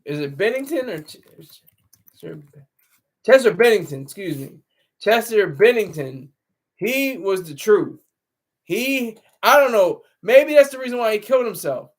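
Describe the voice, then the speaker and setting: A man's voice: high-pitched, big pitch swings, normal speed. A man hosting a casual livestream, rambling, laughing often and answering his chat through a laptop mic. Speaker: livestream host. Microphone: laptop camera mic.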